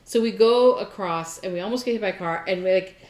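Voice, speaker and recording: A woman co-hosting a craft podcast, telling a story in a chatty, animated way with lots of fillers. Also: mid-range voice, quick pace, reverberant. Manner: chatty, animated retelling with many fillers and laughs. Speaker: podcast co-host. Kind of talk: casual storytelling chat.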